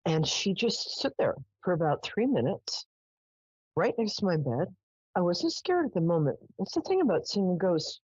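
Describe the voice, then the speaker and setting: Husky low-voiced woman psychic host. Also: darkish tone, dry recording, lo-fi sound. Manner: chatty storyteller, affectionate with callers. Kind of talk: live call-in psychic show.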